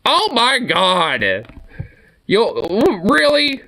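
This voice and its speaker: High, lively-voiced profane young man. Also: extremely slow, vocal fry. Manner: profane, rambling rants with laughter. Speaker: streamer reacting to videos. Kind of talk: casual reaction commentary.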